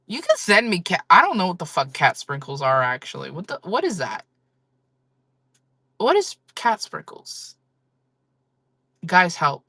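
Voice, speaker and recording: A woman's voice: lowish voice, sing-song, a little slow, pauses often, bright, forceful tone, no room sound. A woman chatting casually on a live-selling stream, joking, rambling and laughing often.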